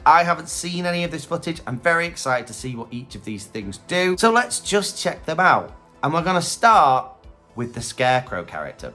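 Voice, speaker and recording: Male reviewer, candid casual reactions, mid-pitched with an animated delivery. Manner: chatty, thinking aloud, lively and candid. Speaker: Halloween prop reviewer.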